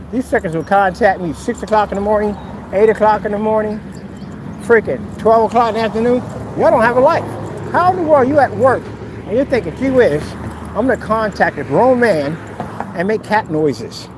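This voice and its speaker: A man's voice: high-pitched, a little fast, pauses often. A man talking casually while walking outdoors, mocking and teasing in a playful way. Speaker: vlogger. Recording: outdoor traffic noise.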